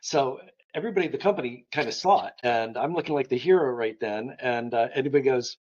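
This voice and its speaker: A man from Florida tells stories as a podcast guest, lively and conversational. His voice sits at an ordinary middle pitch. The recording sounds a little dull and lo-fi. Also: fast talker. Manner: lively storyteller. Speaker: guest, art historian. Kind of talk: conversational anecdotes.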